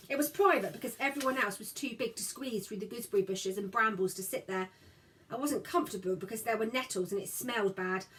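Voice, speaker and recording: A woman narrating a storybook in the first person, reading with an expressive, tender manner. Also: medium pitch. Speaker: audiobook narrator.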